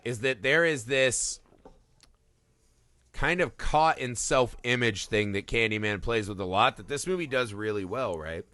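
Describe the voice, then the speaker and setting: A man co-hosting a casual film podcast, talking in an animated way, swearing freely and laughing as he acts out scenes. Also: mid-range voice, unhurried, no room sound. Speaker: podcast co-host.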